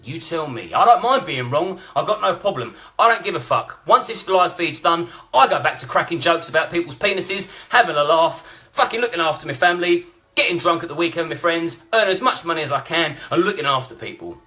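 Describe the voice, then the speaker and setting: A man's voice: on the high side, animated, brisk, pushed and bright, soft background music. A blunt, combative man, ranting and swearing through live-stream commentary. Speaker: vlogger.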